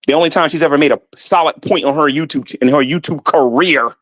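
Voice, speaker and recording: Animated man roasting rivals on a stream. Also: fairly high pitch, fast, hardly any pauses, dry recording. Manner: animated, roasting, frequent laughter. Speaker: YouTube commentator. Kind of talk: mocking rant to a livestream chat. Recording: dull, dry lo-fi audio.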